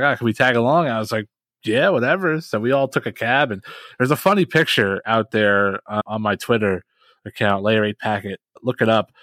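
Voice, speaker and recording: A man co-hosting a podcast, telling stories in a casual, animated way and laughing often. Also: fairly low pitch, no room sound. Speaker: podcast co-host. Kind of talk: casual chat.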